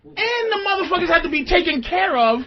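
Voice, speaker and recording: A man with a high, lively voice, spinning a profane comedic story in casual podcast chat. He jumps into other people's voices as he quotes them. The audio is a bit dull and lo-fi. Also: a little fast, slight background noise. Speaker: podcast host. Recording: slightly dull lo-fi sound.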